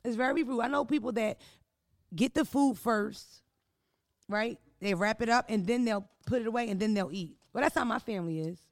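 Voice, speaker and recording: A woman hosting a casual podcast chat, ranting loudly in a blunt, profane way. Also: fairly high pitch, normal speed, dry recording, studio quality. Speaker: podcast host. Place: indoor recording room.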